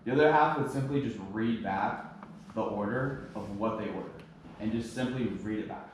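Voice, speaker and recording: A man's voice: lowish voice, moderate pace, background noise. A man coaching his sales team in a meeting, repeating his points with emphasis. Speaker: sales trainer. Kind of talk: team training talk. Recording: echoey room from far off.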